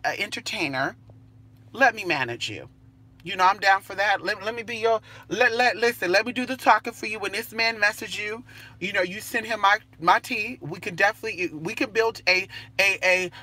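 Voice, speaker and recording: A woman's voice: mid-range voice, moderate pace, pushed and bright. A woman vlogging outdoors at a bus stop, talking into her phone in a brash, profane, sassy rant. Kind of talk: casual rant to camera.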